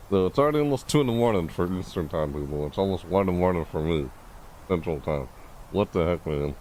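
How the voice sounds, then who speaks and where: A man streaming a live reaction, thinking aloud, rambling and correcting himself, with excitable bursts. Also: slight background noise. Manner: excitable, bursts into high shouts.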